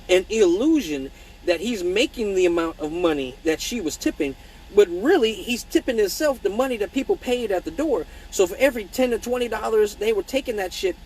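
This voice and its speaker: A man's voice: high-pitched, slightly rough, low-quality recording. A man hosting a casual live-stream Q&A as an exotic dancer, talking bluntly and swearing freely while telling stories and answering viewer comments. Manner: blunt, profane, animated storytelling; reads viewer comments aloud.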